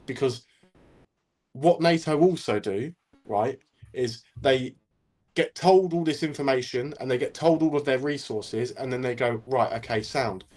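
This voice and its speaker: A man's voice: medium pitch, a little slow, darkish tone. A man ranting casually as a guest on a talk stream, blunt and full of swearing.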